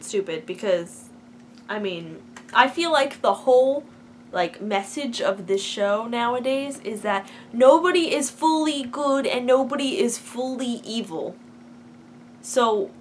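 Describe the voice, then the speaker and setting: A woman's voice: on the high side, a little hiss or hum. A young woman vlogger chatting casually about a TV episode, filler-heavy and gushing, turning to ranting. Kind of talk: casual TV episode reaction chat.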